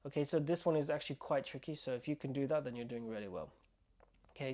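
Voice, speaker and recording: A man teaching pronunciation, slowly sounding out syllables and repeating them, with quick asides in between. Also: mid-range voice, darkish tone. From United Kingdom. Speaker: Arabic teacher. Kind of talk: pronunciation lesson, slow modeled repetition.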